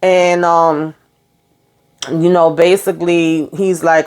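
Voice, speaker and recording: A woman's voice: sits low, steady tone, normal speed, darkish tone. A woman casually recapping a TV episode, chatty and profane, with lots of fillers. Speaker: TV show reviewer.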